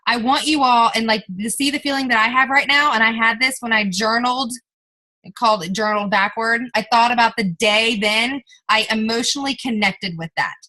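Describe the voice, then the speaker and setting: A woman's voice: a little high, moderate pace, bright, forceful tone, low-quality recording. A young woman giving an emphatic motivational training talk to her team, coaching and addressing listeners directly.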